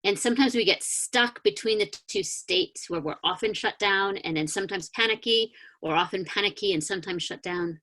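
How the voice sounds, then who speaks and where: A woman minister giving a sermon over a video call, gently guiding a grounding meditation with calm, inviting words and a few soft hesitations. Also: medium pitch, normal speed, hardly any pauses. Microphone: video call mic.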